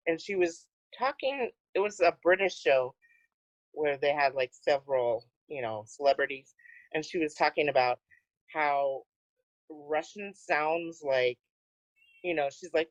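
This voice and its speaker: Slow-talking low-voiced woman. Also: no echo, lo-fi sound. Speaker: podcast co-host. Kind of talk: casual chat.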